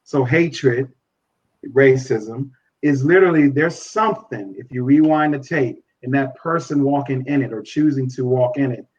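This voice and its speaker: A man's voice: mid-range voice, normal speed, darkish tone, muffled recording. A man speaking earnestly as a podcast guest, repeating phrases for emphasis and acting out conversations.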